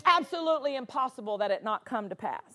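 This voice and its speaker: A woman's voice: fairly high pitch, expressive, fast, sharp tone. A woman pastor preaching a sermon, driving points home by repeating words for emphasis.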